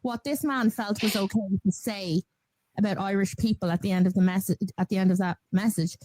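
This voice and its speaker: A woman's voice: mid-range voice, fairly even intonation, a little fast, dark tone, dry recording, low-quality recording. A woman presenting on a live show, indignant and exasperated. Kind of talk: live-stream commentary.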